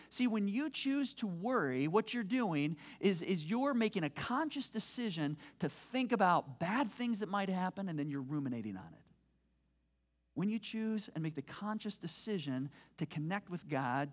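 A middle-aged woman pastor giving a conversational sermon, telling stories animatedly and acting out her own thoughts, often repeating words and restarting. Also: breathy edge. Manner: animated storytelling, acts out own thoughts with big pitch swings; frequent word repeats and restarts.

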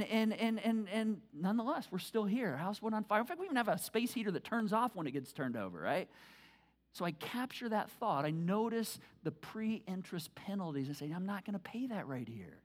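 A middle-aged woman pastor giving a conversational sermon, telling stories animatedly and acting out her own thoughts, often repeating words and restarting. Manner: animated storytelling, acts out own thoughts with big pitch swings; frequent word repeats and restarts.

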